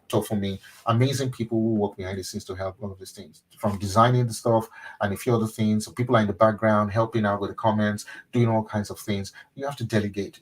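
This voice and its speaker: Pastor guy doing a webinar, earnest, says stuff over and over, goes soft and quiet a lot. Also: lowish voice, rough recording. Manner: earnest, repetitive, mimics loud praying then drops to a soft intimate tone. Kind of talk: motivational webinar talk. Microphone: webinar microphone.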